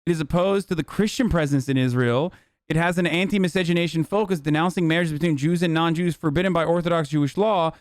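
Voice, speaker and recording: A man's voice: fairly high pitch, quick pace, no echo, studio quality. A male streamer giving blunt, profane, exasperated reaction commentary.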